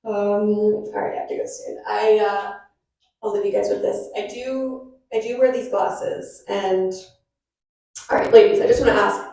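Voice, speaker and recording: A woman's voice: mid-range voice, fairly even intonation, moderate pace, dark tone. A young woman doing a stand-up comedy set, chatty and self-mocking, laughing at her own jokes. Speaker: stand-up comic. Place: hall at a benefit event. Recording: echoey hall, mic from far off.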